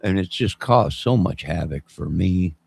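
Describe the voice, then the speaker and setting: Gravelly low-voiced man rambling on stream. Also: expressive, measured pace, darkish tone. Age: 50s. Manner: rambling, jokey, responds to chat. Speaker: channel host. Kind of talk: rambling live-stream chat.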